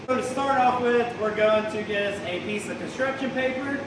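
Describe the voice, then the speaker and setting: Guy joking around while he works in his garage, pretty high voice, way echoey and noisy. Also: normal speed, few pauses. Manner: laid-back, joking, talks while working. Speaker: host, car builder. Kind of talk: casual shop vlog. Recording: echoey shop, from far off, noisy.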